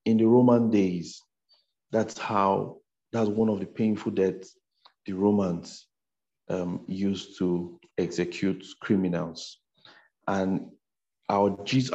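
A man's voice: low-pitched, creaky, mellow, lo-fi sound. A man preaching a sermon, repeating his lines for emphasis and punctuating them with "amen" and "you know".

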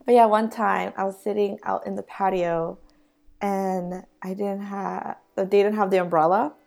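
A woman co-hosting a podcast in casual chat, her voice hoarse and raspy from being sick. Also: mid-range voice, fairly even intonation, a little slow, a little mellow. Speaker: podcast co-host.

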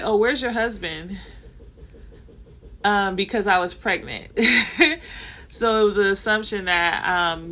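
Her voice is on the low side yet pushed and bright as this Southern Californian manager from Compton, Los Angeles, shares stories from work. She keeps it casual, often using fillers and correcting herself.

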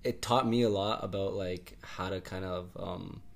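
A man from Canada, a music artist, telling a studio story in a relaxed way, with lots of fillers and casual swearing. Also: low-pitched, normal speed, creaky. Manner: laid-back, lots of filler words and laughs, casual swearing. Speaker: interview guest, music artist.

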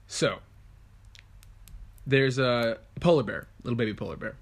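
A man's voice: medium pitch, unhurried. A man hosting a podcast, playful and rambling, laughing often as he chats with his guest. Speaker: podcast host. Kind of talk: casual chat.

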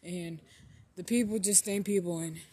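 A woman hosting a podcast, riffing in casual, slangy commentary, blunt and profane with drawn-out emphasis. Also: lowish voice, steady tone, dark tone, slight background noise. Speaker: podcast host.

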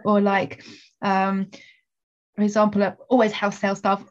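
A woman's voice: medium pitch, completely flat delivery, normal speed, highs cut off. A woman explaining astrology in a casual podcast chat, full of fillers and restarts.

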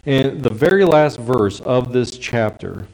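A male preacher giving a sermon in a conversational, explanatory way, dropping into soft hushed tones for quiet phrases. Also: medium pitch, animated, measured pace, vocal fry, rough recording. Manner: conversational, drops to a soft hush for quiet lines.

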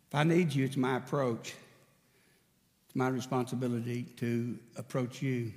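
A man's voice: mid-range voice, fairly even intonation, moderate pace, darkish tone, in a large hall. A male pastor preaching a sermon, telling stories and acting out bits of dialogue. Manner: storytelling preacher, acts out dialogue with raised voice. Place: church sanctuary.

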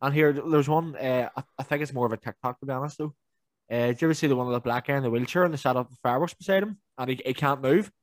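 A man's voice: medium pitch, racing, dry recording. A young man, chatting casually on a podcast and swearing freely. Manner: animated, swearing, mimics viral clips. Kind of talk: casual chat.

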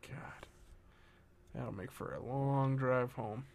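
A man's voice: mid-range voice, steady tone, slow, vocal fry. A man co-hosting a casual podcast chat, ranting and swearing freely. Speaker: podcast co-host.

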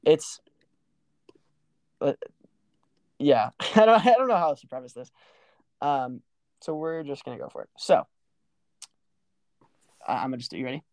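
A man's voice: mid-range voice, sing-song, normal speed, vocal fry, pauses often, a little mellow, no echo. A young man co-hosting a podcast, chatting casually about sports in a joking, self-deprecating way. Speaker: podcast co-host.

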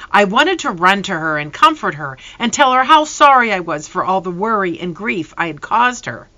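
An audiobook narrator reading a story aloud in an expressive, unhurried way. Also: mid-range voice, no echo, dull audio.

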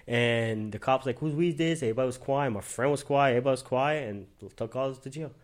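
Man, young adult, from Miami, podcast host, quick-talking, profane storyteller. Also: medium pitch, fairly even intonation. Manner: profane street storytelling, acts out quotes. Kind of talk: casual podcast chat.

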